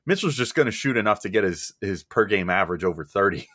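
A man's voice: on the low side, lively intonation, quick pace, a bit bright, no room sound, clean studio sound. A man hosting a casual podcast, rambling and joking, laughing easily as he moves between topics. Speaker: podcast host.

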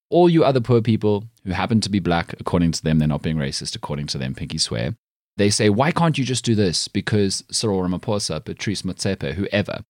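A man's voice: lowish voice, a little mellow, no room sound, studio quality. A man with a South African accent hosting a comedic news commentary show, talking in an emphatic, indignant way. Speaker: host.

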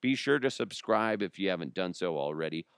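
A man hosting his solo podcast in loose, joking chatter that often pokes fun at himself. His voice is smooth and resonant. It sits close on a dry microphone with no room sound. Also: low-pitched, lively intonation, brisk, no room sound. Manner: joking, rambling, self-mocking. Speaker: podcast host. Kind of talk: casual solo podcast talk.

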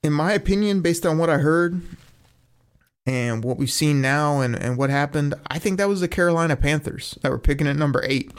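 A man's voice: fairly high pitch, brisk, smooth. A man hosting a casual sports talk show, enthusiastic and rambling, with frequent restarts. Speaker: sports podcast host.

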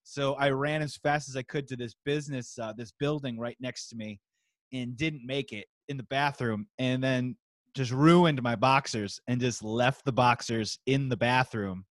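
A man in his forties hosting a podcast, chatting in a relaxed, rambling way. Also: medium pitch, moderate pace, no room sound. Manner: relaxed, rambling, lots of fillers. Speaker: podcast host. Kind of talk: casual comedic chat.

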